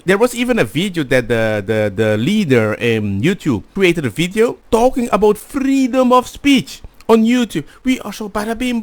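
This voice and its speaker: A man giving casual, heated reaction commentary, rambling with slips between points. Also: fairly high pitch. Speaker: reaction video host.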